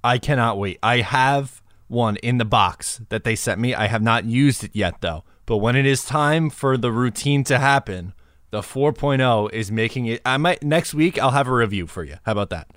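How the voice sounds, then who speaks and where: A man hosting a casual sports podcast, relaxed and conversational, laughing easily. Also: medium pitch, normal speed, no echo, clean studio sound. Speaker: podcast host.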